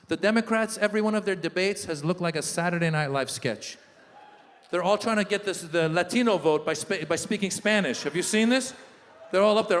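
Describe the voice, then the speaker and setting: A man performing a stand-up comedy set, telling stories with animated, acted-out voices on stage. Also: fairly high pitch, fast talker, big-room sound. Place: comedy stage before a live audience.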